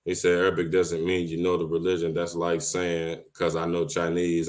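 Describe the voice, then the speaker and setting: Deep-voiced man chatting casually on a livestream. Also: fairly even intonation, normal speed. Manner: chatty, laughs often, informal slang. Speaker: online livestream host.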